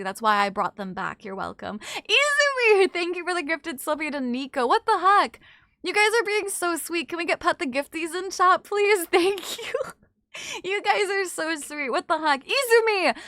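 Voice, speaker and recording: A woman streamer chatting casually with her chat, apologetic and bubbly, quick to gasp and laugh. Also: high-pitched, pushed and bright, no room sound.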